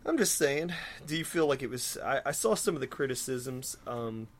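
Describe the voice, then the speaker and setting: Man, mid pitch, chatty podcast co-host, laughs a lot. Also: lively intonation, normal speed, slight background noise. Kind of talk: casual comic book discussion.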